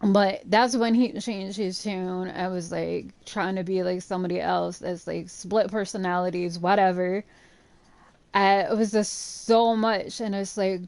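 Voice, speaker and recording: A woman chatting casually and telling a story while playing a game. She speaks in an animated way, swears freely and fills her speech with "like". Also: mid-range voice, measured pace, no room sound. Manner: chatty, profane, animated retelling with frequent "like". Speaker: gaming channel host. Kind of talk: casual storytelling over gameplay.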